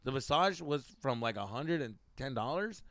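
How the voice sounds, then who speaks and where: A man hosting a podcast, telling stories casually, animated and profane, slipping into Spanish slang. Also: medium pitch, normal speed, no room sound, studio quality. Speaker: podcast host. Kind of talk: casual storytelling.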